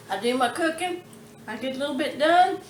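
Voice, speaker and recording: High-pitched and warm, the host of a home cooking channel chats slowly and cozily from her kitchen, laughing often. There's echo in the room and a touch of background noise.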